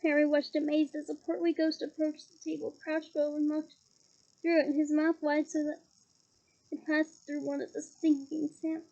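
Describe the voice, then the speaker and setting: A woman with a Scottish accent reads a novel aloud as an audiobook narrator, delivering it expressively and dropping in disgusted asides. Her voice is high, gravelly and dark in tone, with a level delivery at a moderate pace. The recording sounds dull and lo-fi.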